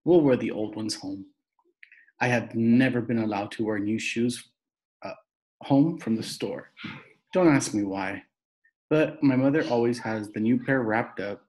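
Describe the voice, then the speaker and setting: A man reading a children's chapter book aloud in a plain, steady narrating voice. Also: medium pitch. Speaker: reader.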